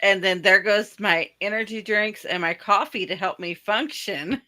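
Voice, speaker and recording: A woman's voice: mid-range voice, normal speed, pushed and bright. A woman from the southern US, chatting casually in a chatty, matter-of-fact way on a podcast. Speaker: podcast guest. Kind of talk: casual chat.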